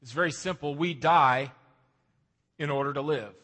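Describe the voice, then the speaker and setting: Male pastor, fairly high bright voice, earnest sermon delivery, church hall reverb. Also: moderate pace. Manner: earnest preaching, rising emphasis on key lines. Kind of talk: sermon with scripture reading. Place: church sanctuary.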